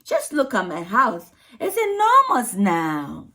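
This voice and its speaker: A woman's voice: fairly high pitch, huge pitch swings, slow pace, sharp tone, full character voice. A woman voicing a fed-up old woman in a crowded house, exclaiming and pleading as she reads a storybook aloud. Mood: delighted.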